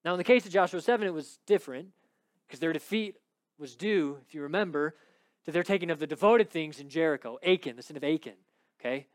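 A man preaching a sermon and reading scripture aloud. He rises high when he stresses a point, then drops low and quiet. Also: brisk, no echo, studio quality.

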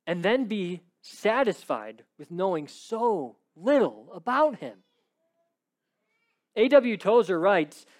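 A male pastor preaching a sermon, emphatic, with rhetorical questions and repeated phrases. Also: high voice. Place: church service.

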